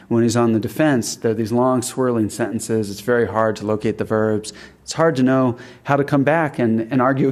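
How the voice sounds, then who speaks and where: A man's voice: medium pitch, a little mellow. Thoughtful man giving a literary talk. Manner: thoughtful, halting with fillers and restarts; recites Middle English verse aloud. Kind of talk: public lecture.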